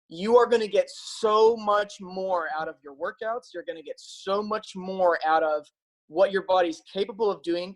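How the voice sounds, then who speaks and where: Heard on a low-quality recording, this man's voice sits high. As a health practitioner, he speaks casually and eagerly to his viewers in enthusiastic talk to camera, upbeat and persuasive, with plenty of fillers.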